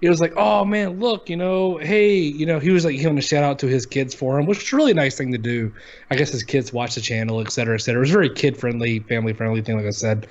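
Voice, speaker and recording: A man's voice: medium pitch, rapid-fire. A man in his thirties co-hosting a casual chat show, talking bluntly, dismissively and with a lot of swearing. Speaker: podcast co-host. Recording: dull lo-fi audio.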